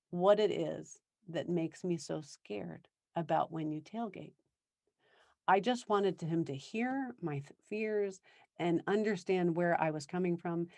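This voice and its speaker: A woman's voice: medium pitch, a little mellow, no echo. A woman talking as a parenting coach in an earnest, conversational podcast style, laughing now and then. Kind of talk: podcast talk.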